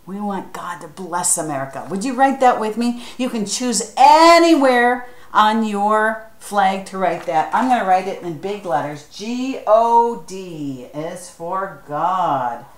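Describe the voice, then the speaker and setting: A woman's voice: mid-range voice, expressive, slow pace, hardly any pauses, roomy sound. A woman leading a children's craft tutorial, patient and encouraging, spelling words out letter by letter and asking viewers to follow along. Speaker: children's craft leader at a church.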